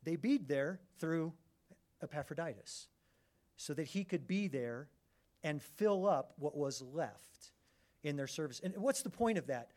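A middle-aged man preaching a sermon, animated and conversational, often restarting his phrases. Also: fairly high pitch, measured pace. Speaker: pastor.

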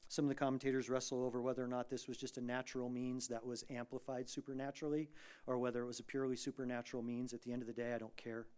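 Smooth-voiced male preacher. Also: mid-range voice, little pitch movement, rapid-fire. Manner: dynamic preacher, swings from hushed to loud emphatic bursts; acts out quoted prayers and voices. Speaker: pastor. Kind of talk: sermon.

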